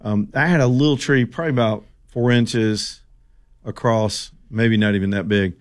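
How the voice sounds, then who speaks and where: A man's voice: on the low side, moderate pace. A middle-aged man from the Southern United States hosting opinionated political talk radio, sarcastic, folksy and rambling.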